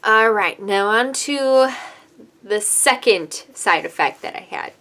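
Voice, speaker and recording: A woman's voice: medium pitch, animated, slow pace, a bit bright. A woman in her twenties, a hairstylist, telling a personal story in a candid, emotional, chatty vlog style.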